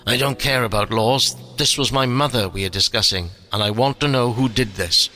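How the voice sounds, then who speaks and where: A man reading the part of a curt, insistent gray-haired man in his late fifties, with soft music underneath. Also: mid-range voice, normal speed, close to an everyday voice.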